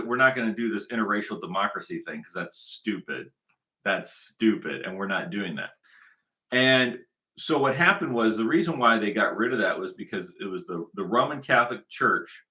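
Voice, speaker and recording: A man's voice: lowish voice, sharp tone. A man hosting his own channel, talking in an emphatic, rambling unscripted monologue that is full of repetition and restarts. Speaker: channel host.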